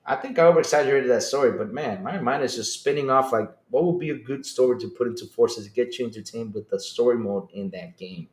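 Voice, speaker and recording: A man's voice: medium pitch, fast, hardly any pauses, a little mellow, echoey room. A man hosting a podcast in casual live-stream chat, rambling and reading out chat messages. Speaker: podcast host.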